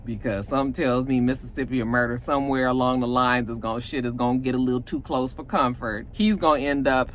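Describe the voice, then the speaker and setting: A woman from Georgia, casually recapping a TV episode and acting out the characters' lines in quick voices. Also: a bass voice, steady tone, a little hiss or hum. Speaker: TV recap vlogger.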